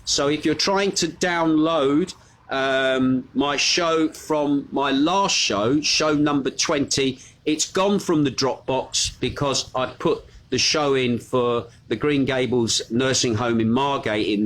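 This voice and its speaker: A man's voice: medium pitch, takes it slowly, a bit bright. A middle-aged man hosting a casual live stream, chatting and greeting his viewers by name. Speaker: host of a live news stream.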